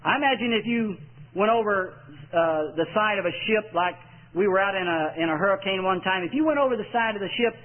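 A man's voice: high-pitched, a little fast. A man from Texas, preaching a folksy evangelistic sermon and repeating his key lines for emphasis. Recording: tinny lo-fi old tape.

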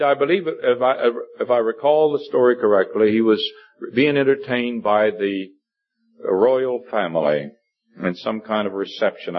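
Earnest guy preaching a sermon, lots of uh's, voice jumps up on the big points, dull lo-fi sound. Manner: earnest, rises in pitch for emphasis, many fillers. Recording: dull lo-fi recording.

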